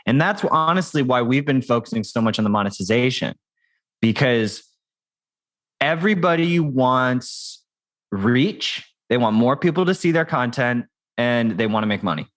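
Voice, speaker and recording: A man's voice: medium pitch, expressive, normal speed, a bit bright. Man talking casually on a podcast. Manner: conversational, many restarts and fillers. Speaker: tech founder guest.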